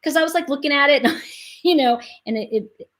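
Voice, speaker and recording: A middle-aged woman hosting a casual livestream, rambling through animated stories and talking straight to her viewers. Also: high-pitched, moderate pace. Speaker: host.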